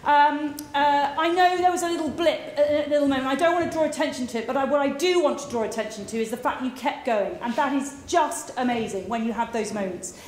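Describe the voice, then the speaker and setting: High-voiced encouraging woman in echoey theatre. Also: fairly quick, few pauses, a little mellow, slight background noise. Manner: encouraging, praising, with many fillers and restarts. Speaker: guest adjudicator. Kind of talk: live feedback to young performers. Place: school theatre, live event.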